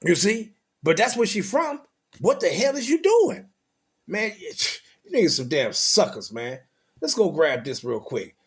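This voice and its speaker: A man preaching from scripture in a crude, profane way, firing rhetorical questions and rising into loud, high bursts. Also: sing-song, a little slow, breathy edge.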